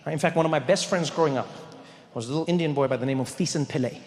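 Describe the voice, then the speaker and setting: A man from Africa, performing an animated stand-up set and acting out voices. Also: on the high side, racing, long reverb tail. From South Africa. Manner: storytelling, animated, acts out voices. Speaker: stand-up comedian. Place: stage in a large venue.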